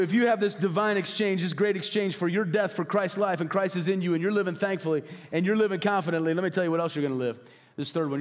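A man preaching a passionate sermon as pastor, emphatic and repetitive, at times dropping to soft, low tones. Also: long reverb tail. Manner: acts out quoted voices, drops to soft low tones. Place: church hall.

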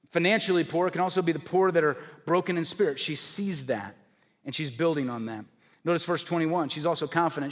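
A man with a high voice preaches to his congregation, shifting between emphatic points and relaxed storytelling. His words ring out with a long reverb off a large church hall. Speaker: pastor. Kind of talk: sermon.

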